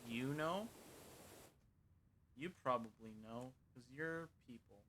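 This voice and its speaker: A man with a bright, forceful voice chats loosely while he plays a cleaning game on stream. He rambles, jokes and talks to himself between tasks, with faint noise behind him. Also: mid-range voice, lively intonation, takes it slowly, poor audio. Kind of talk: casual gameplay commentary.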